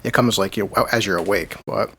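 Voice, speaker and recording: A man's voice: fairly low pitch, a little fast, fairly bright tone, a little hiss or hum. A man co-hosting a casual podcast, rambling with lots of restarts and swearing. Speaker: podcast co-host.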